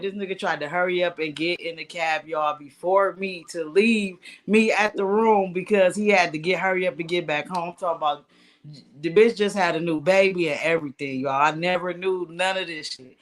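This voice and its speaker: A woman's voice: lowish voice, steady tone, moderate pace. A woman hosting a podcast, telling loose, profane stories in casual chat and talking straight to listeners. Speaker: podcast host.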